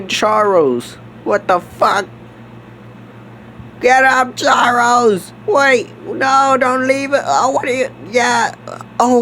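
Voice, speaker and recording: A rowdy man role-playing a character in a game, swearing through excited outbursts. His talk runs slow and drawn out, with a faint hiss of noise behind him. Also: very high-pitched.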